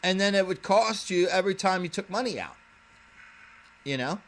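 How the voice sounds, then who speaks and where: Lively, bright-voiced male radio host. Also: high-pitched, normal speed, creaky. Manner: rambling, profane, laughs often. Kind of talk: casual internet radio chat.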